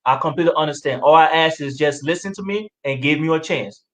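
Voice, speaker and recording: A man running for president answering interview questions in a halting way, with many pauses and fillers. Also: a little high, low-quality recording. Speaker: presidential candidate.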